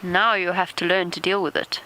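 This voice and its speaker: Bright-voiced woman presenting a safari live. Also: lowish voice, moderate pace, poor audio. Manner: chatty, warm toward animals, lively asides. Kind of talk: live safari broadcast commentary. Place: open safari vehicle outdoors in rain and wind.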